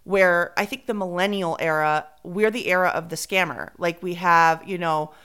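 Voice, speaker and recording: Woman co-host, rambling casual chatter with Spanish fillers, smooth clear voice. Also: on the low side, fairly even intonation, normal speed, fairly bright tone. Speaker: podcast co-host. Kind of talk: casual chat.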